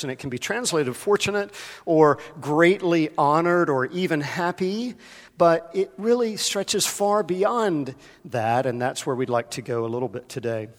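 A man's voice: a little high, animated, normal speed. A man preaching a sermon as pastor, talking casually and addressing members of the congregation by name. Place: church sanctuary. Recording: long hall reverb.

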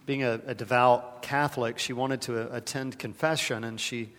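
Male pastor, sermon, loud emphatic peaks, hushed soft stretches, repeated words, long reverb of a big worship hall. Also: mid-range voice, fairly even intonation, normal speed. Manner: dramatic, swings from loud emphasis to hushed softness; repeats words when stirred.

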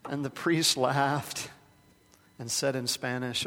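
A male pastor preaching a sermon, moving from loud, stressed phrases to quiet, hushed ones and doubling words when he gets stirred. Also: medium pitch, steady tone, takes it slowly. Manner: dramatic, swings from loud emphasis to hushed softness. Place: large worship hall. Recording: long hall reverb in a worship space.

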